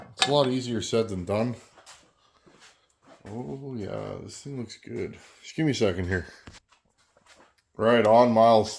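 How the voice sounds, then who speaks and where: A man's voice: lowish voice, darkish tone, slight background noise. A man hosting a casual workshop vlog, chatty and rambling as he works with his tools, sometimes moving off the camera mic. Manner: chatty and rambling, talks while working with tools. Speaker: chainsaw channel host.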